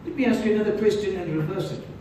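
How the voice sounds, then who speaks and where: A man preaching a sermon as pastor, emphatic and shouting at times, then dropping suddenly to quiet. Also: high-pitched, racing. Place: large church hall. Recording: echoey hall from far off, faint noise.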